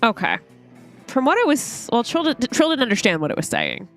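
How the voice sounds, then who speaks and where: A woman chats playfully as a player at a tabletop game. Her pitch moves expressively as she weighs her options. Faint music runs in the background. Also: huge pitch swings, fairly quick, fairly bright tone. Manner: playful, chatty. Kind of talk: casual chat at a tabletop game.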